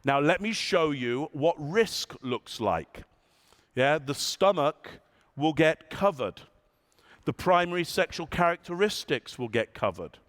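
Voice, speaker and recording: A man's voice: on the high side, animated, measured pace, fairly bright tone. A man giving a conference keynote to a live audience, demonstrating and repeating phrases for effect. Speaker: keynote speaker.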